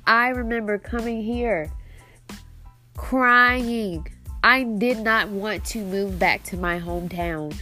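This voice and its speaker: Young woman podcaster, teary and sniffly, talking slow about her faith, says "like" a lot, faint music under. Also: mid-range voice, pushed and bright. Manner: emotional, earnest, heavy use of "like". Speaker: podcast host. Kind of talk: faith-based personal testimony.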